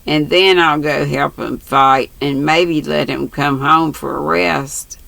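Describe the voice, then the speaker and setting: A grandmother voicing an earnest, shy and blunt little boy who talks gravely in a storybook reading. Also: low voice, steady tone, slow pace, fairly bright tone, dry recording, exaggerated voice.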